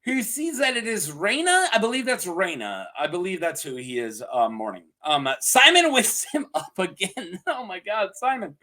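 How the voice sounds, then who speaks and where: A man with a high, lively voice that jumps all over its range reviews a show on his own. His tone is bright and forward. He keeps things loose, laughs often, and ducks into goofy voices to act out scenes. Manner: goofy, laughs often, acts out characters in quick funny voices. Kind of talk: casual solo review chat.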